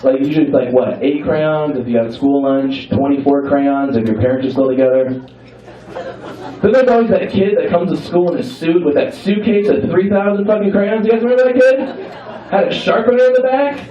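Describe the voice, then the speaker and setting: A man's voice: fairly high pitch, fairly quick, mellow, recorded from a distance. A young man doing a stand-up comedy set in a club, playful and teasing with the crowd, swearing freely. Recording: roomy club sound from afar, dull. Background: audience laughter.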